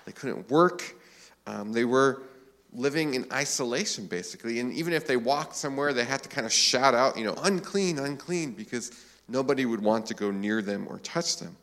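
A man's voice: medium pitch, a little fast. Conversational male pastor preaching. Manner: relaxed, conversational, with frequent filler phrases. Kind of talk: sermon.

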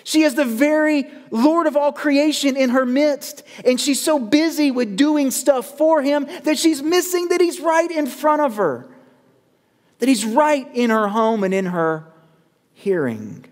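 Man preaching, high voice, slow deliberate delivery, long church reverb. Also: lively intonation. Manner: measured preaching with dramatic pauses, rising to urgent calls. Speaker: pastor. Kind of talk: sermon.

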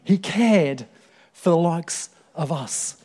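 A man's voice: a little high, lively intonation, darkish tone. A man putting on a ragged old Cockney woman. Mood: fond. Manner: half-hearted, quickly dropped impression.

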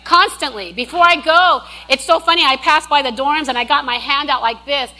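Bright high-voiced woman preaching. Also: brisk. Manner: emphatic, repetitive, with animated asides. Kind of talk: sermon.

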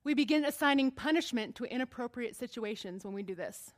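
A woman preacher giving a sermon to a live congregation in a church, conversational and joking, moving from quiet asides to emphatic passages. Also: a little high, expressive, a little fast. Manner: jokes and laughs with listeners.

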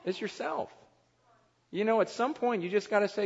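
Chatty middle-aged pastor in an echoing hall. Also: male voice, sits high, animated, normal speed, vocal fry, breathy edge. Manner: conversational, self-mocking, acts out quotes with laughs. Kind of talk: sermon. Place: large church hall. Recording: dull sermon recording in a reverberant hall.

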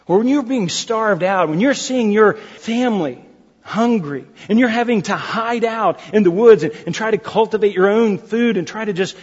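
A man's voice: high voice, breathy edge. A male pastor preaching a sermon, emphatic and repetitive, calling the congregation folks. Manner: emphatic, repeats key phrases. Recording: dull reverberant hall recording.

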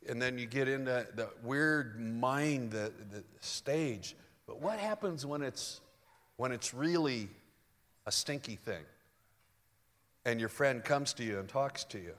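A man in his sixties preaching a sermon as pastor, talking conversationally with fillers and restarts, moving between soft reflective passages and emphatic points. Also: medium pitch, expressive, measured pace, long reverb tail. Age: 60s.

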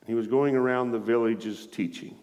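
A man preaching a sermon in a lively way, calling out to his congregation as he reads and explains scripture. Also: medium pitch, normal speed, muffled recording. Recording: echoey hall with long reverb.

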